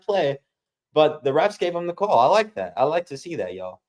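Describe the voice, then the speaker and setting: A man's voice: fairly high pitch, normal speed. A man hosting a casual watch-along, calling basketball play-by-play and talking straight to his viewers. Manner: excitable, keeps addressing viewers as y'all.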